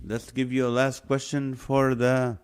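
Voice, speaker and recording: Male livestream host, slow unhurried delivery, playful, reads viewer guesses aloud. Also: mid-range voice, flat delivery, clean tone. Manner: jokey, playful. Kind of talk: live-stream chat reading viewer comments.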